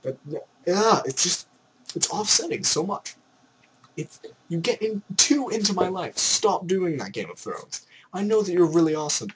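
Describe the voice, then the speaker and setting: A young man from Canada rants at a quick, excitable clip, his voice sitting a little high. He tosses in playful mock voices. A faint hiss runs under the recording. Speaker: vlogger. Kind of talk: ranting vlog.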